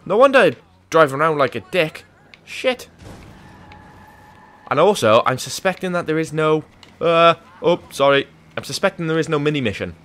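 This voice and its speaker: A man's voice: on the high side, animated, moderate pace, a bit bright. A young man giving crude, joking commentary over a video game, swearing often. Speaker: gaming YouTuber.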